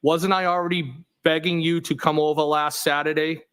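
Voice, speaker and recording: Guy on the witness stand reading texts out, slightly high voice, flat matter-of-fact delivery. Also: normal speed, clean tone. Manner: steady, matter-of-fact reading, speaking punctuation aloud and correcting the text. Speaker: trial witness. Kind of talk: reading text messages aloud in court. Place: courtroom.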